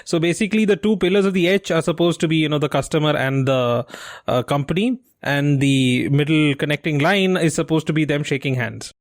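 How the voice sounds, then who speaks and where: A man's voice: on the high side, fairly quick, no echo, clean studio sound. Teasing man running a quiz podcast. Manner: teasing, explanatory quizmaster. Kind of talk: casual chat.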